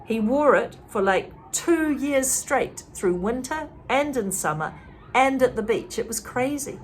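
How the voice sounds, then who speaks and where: A woman's voice: on the high side, expressive, a little slow, slight background noise, pitched above the performer's own voice. A woman voicing a friendly teenage girl who is fond and knowing, with a chatty, teasing way of talking.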